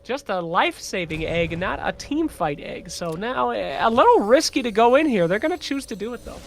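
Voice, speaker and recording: A man calling esports play-by-play, quick and excitable, who swears now and then. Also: high voice, creaky, slight background noise. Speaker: caster.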